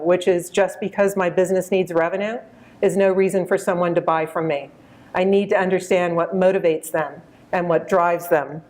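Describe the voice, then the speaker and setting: A woman in her fifties giving a conference keynote, measured and storytelling, addressing the audience directly. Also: on the low side, a little mellow. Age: 50s. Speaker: keynote speaker.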